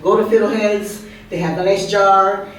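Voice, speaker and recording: A woman of medium pitch keeps a steady tone and moderate pace, with slight background noise behind her. At an art venue open mic, this author in her fifties tells funny stories from her life, chatty and full of asides and questions for listeners. The room is very echoey, and she sounds far away.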